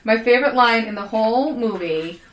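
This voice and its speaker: Woman, podcast co-host, casual chat, higher pitch, bright tone, echoey room. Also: fairly quick. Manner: chatty, full of restarts and fillers. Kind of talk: casual chat reviewing a film.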